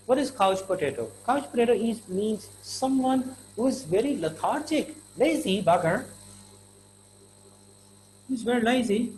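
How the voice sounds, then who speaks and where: A man with an Indian English accent gives a relaxed slang lesson, talking a little high and chatting freely with lots of fillers. He acts out short everyday dialogues as he goes, and a faint hum of insects hangs behind him. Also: rough recording. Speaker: English teacher.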